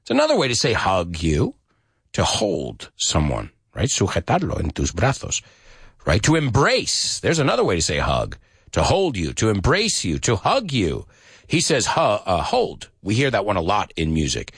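A man's voice: sits low, wildly swooping pitch, normal speed, a bit bright, slightly rough, dry recording, studio quality. A man teaching English to Spanish speakers, explaining song lyrics, singing short snippets and translating into Spanish.

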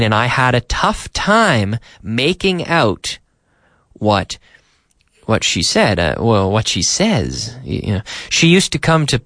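A man's voice: lowish voice, a bit bright, no echo. A man teaching English on a radio show from a studio, often repeating and rephrasing for learners. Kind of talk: radio language lesson. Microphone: studio microphone.

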